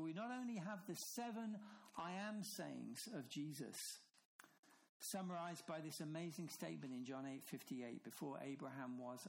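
Preacher, emphatic, slowing on key lines. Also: male voice, a little hiss or hum, poor audio. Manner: emphatic, slows and drops low on key phrases. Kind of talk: sermon.

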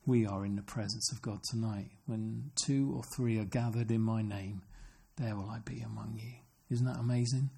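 Gravelly-voiced man preaching a sermon. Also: lowish voice, fairly even intonation, normal speed, few pauses, mellow. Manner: earnest, asks the congregation questions.

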